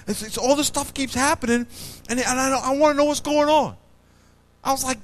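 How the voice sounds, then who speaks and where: A man preaching a sermon as pastor, swinging between loud bursts and hushed low passages. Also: moderate pace. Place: church.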